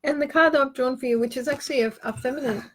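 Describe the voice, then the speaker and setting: A woman's voice: high voice, racing, a little hiss or hum. A woman hosting a live online card-reading show, giving earnest, reassuring advice with plenty of ums and restarts. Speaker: host and tarot card reader.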